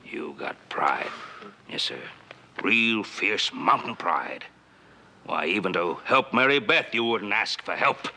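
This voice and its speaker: An actor playing a steady, wise rancher patriarch in a 1960s TV western, talking calmly, firmly and persuasively. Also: male voice, low voice, normal speed, gravelly, exaggerated voice. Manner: calm, firm and persuasive.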